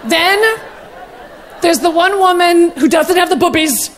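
A woman's voice: very high voice, unhurried, a faint crowd, slight background noise. A woman in her forties doing brash, gossipy, profane stand-up comedy on a stage mic.

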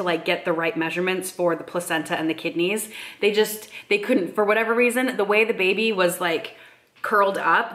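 A woman's voice: mid-range voice, a bit bright. A young pregnant woman in a casual vlog, chatting with many fillers and frequent laughs. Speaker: vlogger.

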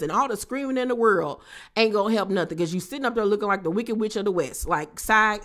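A woman's voice: mid-range voice, fast talker. Sassy woman recapping reality TV. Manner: sassy, animated, chatty asides to viewers. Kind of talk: casual recap commentary.

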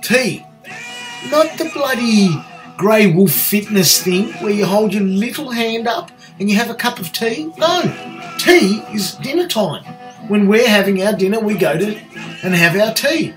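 A cheeky middle-aged Australian man chatting casually in his vlog, his voice sitting a touch high. He jokes and swears lightly as he goes, with faint guitar music underneath. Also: animated, a little slow. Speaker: vlogger.

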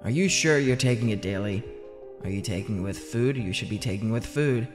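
A man voicing a dismissive doctor who fires off brisk, curt questions. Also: on the low side, roomy sound, big-room sound, music in the background, lightly acted.

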